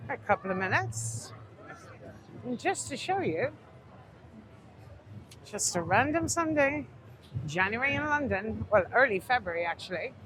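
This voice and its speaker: A woman tour guide narrating a walking vlog, chatting to her viewers as she walks through a busy city street. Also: mid-range voice. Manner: chatty, addresses viewers warmly as guys and my lovelies. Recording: loud street noise outdoors.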